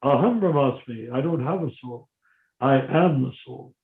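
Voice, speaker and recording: An older man leading a devotee meeting by phone, talking casually and animatedly, acting out dialogue with sudden loud outbursts. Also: medium pitch, normal speed, gravelly. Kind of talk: casual teaching talk over a phone meeting. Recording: tinny phone line, echoey.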